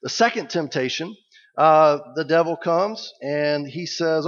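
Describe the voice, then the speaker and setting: A man's voice: a little high, expressive, measured pace. A man preaching a sermon as pastor, reflective and conversational. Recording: dull lo-fi recording.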